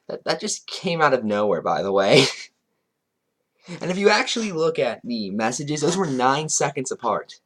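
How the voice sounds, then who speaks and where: A man's voice: medium pitch, sing-song, moderate pace, fairly bright tone. A man doing a commentary vlog, reading chat logs aloud and breaking in with sarcastic, chuckling asides. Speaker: commentary YouTuber.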